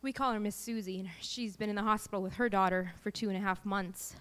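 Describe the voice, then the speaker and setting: A woman's voice: medium pitch, steady tone, quick pace, fairly bright tone, clean tone. A woman in her thirties, a mother telling her family's story as a personal faith testimony, in an earnest and emotional way.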